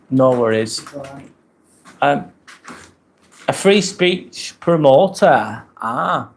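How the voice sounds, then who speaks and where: A man's voice: mid-range voice, slow, long pauses, a little hiss or hum. A British man hosting a casual live stream, chatting loosely and thanking viewers as he reads their comments. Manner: relaxed, rambling, thanks viewers often.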